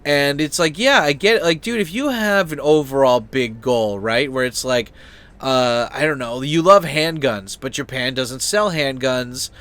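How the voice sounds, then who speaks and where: A man's voice: medium pitch, measured pace, a bit bright, clean tone. A man hosting a channel, talking in a loose, rambling way with lots of fillers, restarts and swearing. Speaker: channel host. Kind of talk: casual opinion chat.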